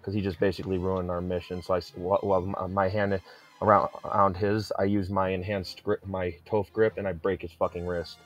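A man's voice: sits low, flat delivery, a little fast, soft background music. A man playing a tabletop role-playing game, talking intensely and aggressively with lots of swearing. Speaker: player.

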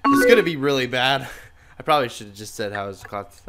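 A man's voice: medium pitch, expressive, fairly quick. A man casually commentating a chat game, making joking, self-mocking asides as he types replies. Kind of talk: casual let's-play commentary. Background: loud background music and keyboard typing.

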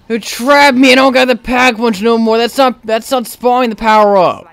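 A man commentating his own gameplay, frantic, yelling, swearing at the game and talking to his viewers. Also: very high voice, moderate pace, hardly any pauses, clear, resonant tone, dry recording. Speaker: gaming channel host.

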